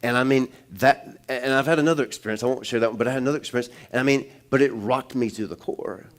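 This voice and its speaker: A man preaching in a church, telling a personal story in a relaxed, conversational way with restarts, then building to loud, emphatic preaching. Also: mid-range voice, quick pace. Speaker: pastor. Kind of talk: sermon.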